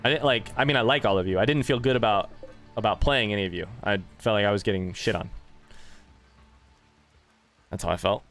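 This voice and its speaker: A man's voice: fairly low pitch, fairly quick, pauses often, a bit bright, faint music behind. A young man streaming a strategy game, casually chatting with viewers, reading chat aloud, swearing and bursting into frantic outbursts. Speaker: gaming streamer. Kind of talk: casual live-stream commentary.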